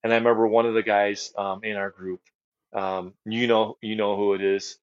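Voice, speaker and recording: A man's voice: lowish voice, level tone, moderate pace, clean tone, dry recording. A middle-aged man from the United States telling a personal testimony on a podcast, earnest, with repeated phrases and many fillers. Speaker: guest ministry leader. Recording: dry, slightly dull podcast audio.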